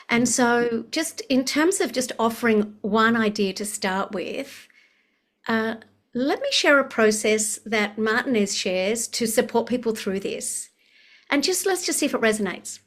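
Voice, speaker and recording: A woman coaching a client in a gentle, measured way, calling her honey. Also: on the high side. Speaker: life coach. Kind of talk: coaching session.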